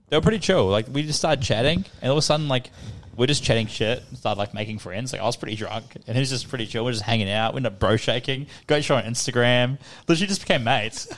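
Young Aussie guy, podcast co-host, quick and rambling, sweary storyteller. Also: medium pitch, fairly bright tone. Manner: rambling, swears a lot, laughs at his own stories. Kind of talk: casual chat.

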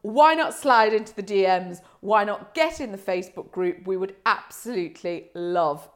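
A woman's voice: medium pitch, normal speed. A woman co-hosting a podcast, chatty and bubbly, often breaking into laughter. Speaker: podcast co-host. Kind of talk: casual chat.

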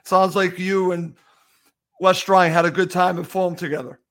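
A man's voice: sits high, little pitch movement, moderate pace, a bit bright. A man hosting a podcast, asking questions and reading out messages sent in by others. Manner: friendly, reads out listener questions. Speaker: podcast host. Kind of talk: interview questions.

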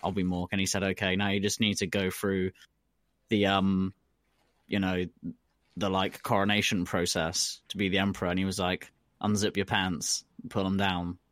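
A man's voice: low voice, level tone, normal speed, fairly bright tone, dry recording, clean studio sound. A man co-hosting a comedy podcast, telling a story in a laid-back, slangy way. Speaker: podcast co-host. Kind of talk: casual chat.

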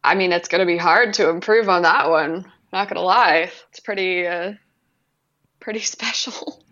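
A woman guest on a comedy podcast, speaking in a halting, easygoing way and repeating words. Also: on the low side, fairly even intonation, fairly bright tone, highs cut off. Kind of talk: casual podcast chat.

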